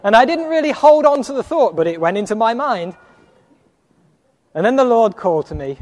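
A man's voice: very high voice, sing-song, normal speed, long pauses, darkish tone. A man with an English accent preaching a sermon, telling personal stories and acting out the dialogue with frequent chuckles. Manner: storytelling, chuckles often, acts out dialogue. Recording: long hall reverb.

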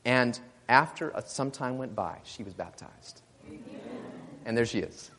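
A man preaching a sermon, telling a story and rising to loud exclamations. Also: mid-range voice, lively intonation, measured pace, long reverb tail.

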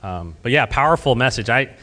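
A man's voice: medium pitch, lively intonation, brisk, sharp tone. Man presenting casually to a group. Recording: reverberant hall.

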